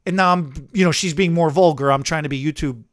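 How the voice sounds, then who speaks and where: High-voiced man telling a salon story. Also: fast. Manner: animated anecdote telling, acting out quotes. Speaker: salon owner and stylist. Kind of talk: casual chat, storytelling.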